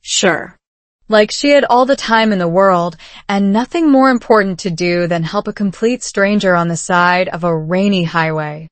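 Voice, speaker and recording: A woman narrating a first-person story slowly and clearly, for learners. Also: mid-range voice, no room sound. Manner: slow, clear reading for learners. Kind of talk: slow scripted story narration.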